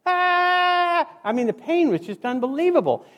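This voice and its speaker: A man's voice: high voice, expressive, moderate pace, a little mellow. A middle-aged man from Montana giving a humorous motivational talk to a live audience, joking and acting out his stories. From Montana, USA. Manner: joking, acts out stories with sound effects. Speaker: motivational speaker. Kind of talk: humorous keynote speech. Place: stage before a live audience.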